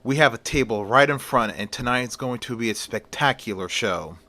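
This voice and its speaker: A man's voice: medium pitch, moderate pace, pushed and bright. A man voicing a courteous restaurant maitre d' who speaks in a formal, deferential way.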